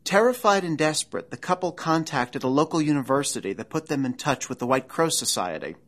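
A man reading scripted documentary narration about an eerie true case, with a measured, dramatic storytelling delivery. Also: on the high side, animated.

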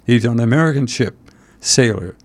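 A man hosting a talk show in casual chat, rambling and halting with frequent fillers and wry asides. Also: mid-range voice, animated. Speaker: host.

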